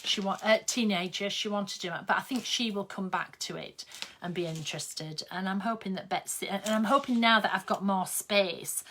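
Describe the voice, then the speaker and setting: A woman's voice: medium pitch, normal speed, fairly bright tone, slight background noise. An older woman, chatting casually and rambling while she sews on a live stream. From England. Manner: chatty, rambling, with many ums. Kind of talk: casual chat while sewing.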